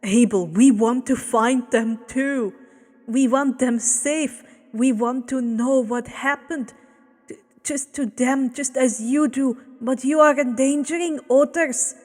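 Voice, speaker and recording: A woman's voice: high-pitched, takes it slowly, darkish tone, long reverb tail. A woman voicing an earnest stormy-eyed man. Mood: pleading. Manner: entreating, earnest. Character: pleading man with stormy eyes, firm.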